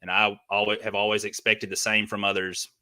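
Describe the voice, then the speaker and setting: A man's voice: on the low side, little pitch movement, a little fast, sharp tone, clean tone. A man with a Southern drawl, a ring announcer talking as a podcast guest in an earnest way. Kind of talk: casual interview talk.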